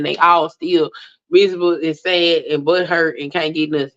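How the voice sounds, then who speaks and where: A woman hosting a livestream rants bluntly to her live chat in a casual monologue, swearing freely and hitting indignant peaks. Her voice is on the low side with a steady tone, and she speaks briskly. The stream audio is dull and lo-fi.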